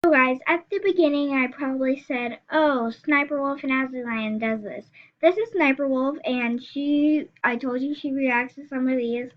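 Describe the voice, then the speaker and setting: Chatty teen girl with a high voice. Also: moderate pace, few pauses. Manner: chatty, rambling, with many fillers and restarts. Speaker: YouTuber. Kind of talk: casual reaction vlog, reading texts aloud. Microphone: screen recorder, built-in mic. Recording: slightly dull lo-fi sound.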